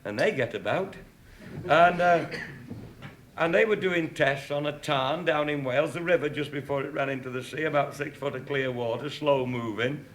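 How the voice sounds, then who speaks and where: A man's voice: on the high side, moderate pace, a bit bright, a little hiss or hum. A man telling comic anecdotes in a dry, earthy way, swearing casually and chuckling at his own jokes. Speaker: comic storyteller.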